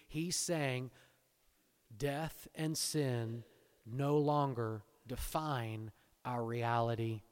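A man preaching a sermon, swinging between hushed, intense lines and loud, exultant emphasis. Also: mid-range voice, slow, clear, resonant tone. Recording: long hall reverb.

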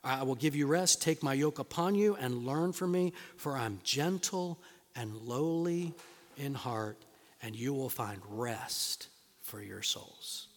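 A man preaching a sermon to his church, reading scripture aloud and building to emphatic, rising bursts. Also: mid-range voice. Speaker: pastor. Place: church sanctuary. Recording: long reverb of a large hall.

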